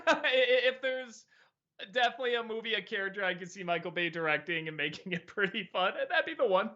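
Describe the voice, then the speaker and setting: A man's voice: sits high, expressive, fast talker, sharp tone, lo-fi sound. A man hosting a casual live-stream chat, answering viewer questions with many fillers, restarts and easy laughs.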